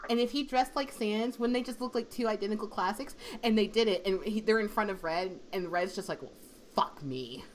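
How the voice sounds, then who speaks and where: A woman in education co-hosting a casual livestream, chatty and swearing freely, her voice strained from yelling. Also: mid-range voice, steady tone, brisk, hardly any pauses, a little hiss or hum. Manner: chatty storyteller, swears freely, acts out quotes.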